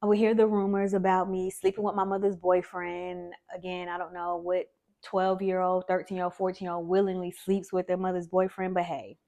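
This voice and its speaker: Low-voiced woman telling a personal story. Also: completely flat delivery, fairly quick, warm tone. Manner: reflective, conversational, many fillers. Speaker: vlogger.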